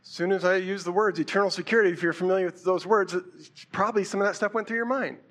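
A man's voice: high voice, steady tone, fast, a bit bright. A man preaching a sermon in a casual, conversational way, asking rhetorical questions. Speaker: pastor.

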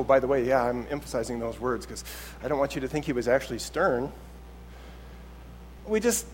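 A pastor preaches a sermon in church, speaking in a fairly high male voice against slight background noise. His delivery is conversational and animated, and he acts out little quotes along the way.

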